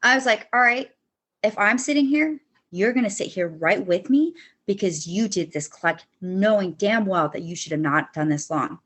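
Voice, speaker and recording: A woman's voice: mid-range voice, moderate pace, fairly bright tone. A young woman guest on a podcast, bluntly telling a personal story, swearing often and acting out past arguments in quotes.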